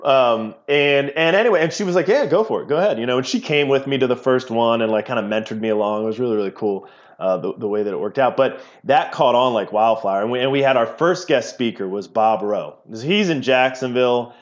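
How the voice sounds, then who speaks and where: A man's voice: mid-range voice, fairly quick. A middle-aged man, a professor talking as an interview guest, explaining at length and often repeating words as he goes. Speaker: physical therapy professor, guest. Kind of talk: casual interview talk. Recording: slightly dull lo-fi audio.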